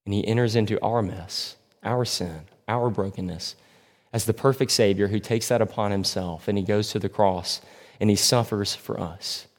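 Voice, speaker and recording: A man preaching a sermon as a pastor, earnest and slowing down to press key points. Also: on the low side, fairly even intonation. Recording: long hall reverb.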